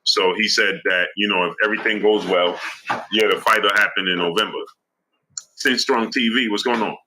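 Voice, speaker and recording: Man reading super chats, very bright and forceful, lowish voice. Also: fairly even intonation, normal speed, a little hiss or hum, low-quality recording. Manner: hypes viewers by name, streetwise slang. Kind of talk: live-stream shout-outs.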